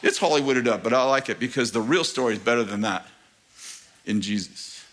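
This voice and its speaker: A middle-aged man preaching a sermon to his church, animated and joking with the congregation, asking rhetorical questions. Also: mid-range voice, a little fast, slight background noise. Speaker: pastor. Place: church sanctuary.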